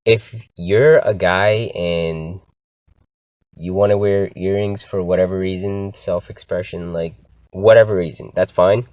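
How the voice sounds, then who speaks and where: A young man hosts his own podcast, ranting about things that annoy him. His voice is low and deep, recorded close and dry, and his delivery is animated and exasperated. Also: a little slow, dry recording, lo-fi sound. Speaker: podcast host. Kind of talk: casual solo rant.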